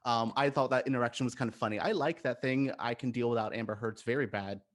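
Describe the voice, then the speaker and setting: A man's voice: mid-range voice, fast. A man on a film podcast panel, chatting in a rambling, enthusiastic, jokey way. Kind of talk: casual roundtable chat.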